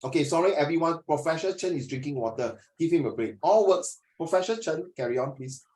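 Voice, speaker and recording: A Singaporean man runs a lesson in a loose, joking way. His voice swings up and down a lot as he teases students and slips between languages. He sounds playful and never stays on one note. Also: brisk. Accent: Singaporean English. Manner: animated, teasing, mixes languages, lively pitch swings. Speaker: tutor.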